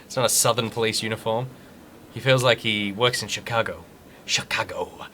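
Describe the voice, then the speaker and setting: A man's voice: fairly low pitch, steady tone, fairly quick, pushed and bright. A man streaming a video game, chatting casually, reading the game's text aloud and reacting jokily. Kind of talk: casual live gameplay commentary.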